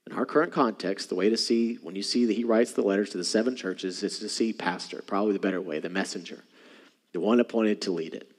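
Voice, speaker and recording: A man preaching a sermon as pastor, animated, swinging from hushed, intimate lines to emphatic ones. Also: on the low side, fast talker, long reverb tail.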